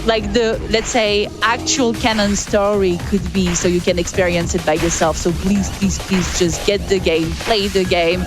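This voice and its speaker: A woman speedrunner talking live as she plays, enthusiastic but halting, with many fillers and restarts. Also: mid-range voice, steady tone. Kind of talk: live commentary while playing. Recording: game music behind the voice. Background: game music.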